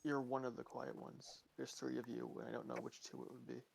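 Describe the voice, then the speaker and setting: A man's voice: mid-range voice, big pitch swings, a little fast, creaky, a little mellow. A man talking casually as a player in a streamed game, hedging his guesses in an easygoing way.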